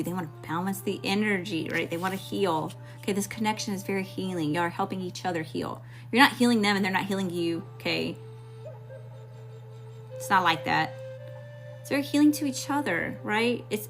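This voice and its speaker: A woman's voice: mid-range voice, fairly bright tone. A woman from Mississippi with a Southern accent giving a casual tarot reading to her viewers, talking in a sassy, blunt and profane way. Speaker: tarot reader.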